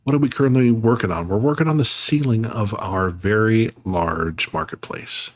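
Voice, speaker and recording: A man's voice: fairly low pitch, normal speed. A man chatting casually on a live game stream, thanking viewers and laughing easily.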